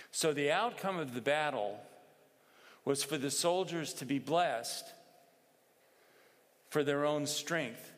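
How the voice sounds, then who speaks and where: A man preaching a sermon in a measured, explanatory way, pausing for asides. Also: medium pitch. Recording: long reverb in a hall.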